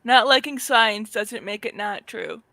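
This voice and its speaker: A woman co-hosting a casual podcast, calmly explaining science step by step. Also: a little high, measured pace, no echo. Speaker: co-host.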